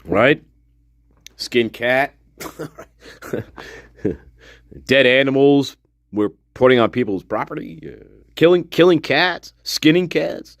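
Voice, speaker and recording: A man's voice: medium pitch, slow, gravelly, long pauses, no echo, studio quality. A man hosting a livestream, rambling casually with profanity and frequent laughter. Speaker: livestream host.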